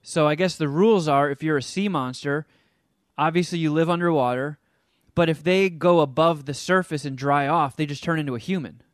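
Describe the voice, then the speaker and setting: A man co-hosting a casual podcast, telling a film's story with animated energy and now and then hamming up silly voices. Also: fairly high pitch, brisk, no room sound, clean studio sound. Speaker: podcast co-host reviewing a film. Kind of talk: casual chat.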